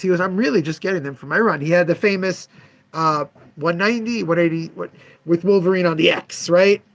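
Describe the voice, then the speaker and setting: A man with a fairly high voice tells a story from his comic shop in loose, chatty storytelling. His pitch swings widely as he acts out both sides of a haggle with a customer. He speaks straight to viewers he knows. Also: fairly quick. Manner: animated, acts out customer dialogue.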